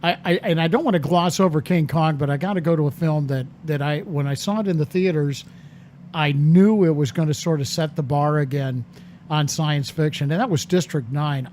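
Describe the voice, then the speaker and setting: A man's voice: fairly high pitch, a little mellow, slight background noise. A man hosting an interview, asking questions with enthusiastic, gushing praise. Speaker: interviewer host.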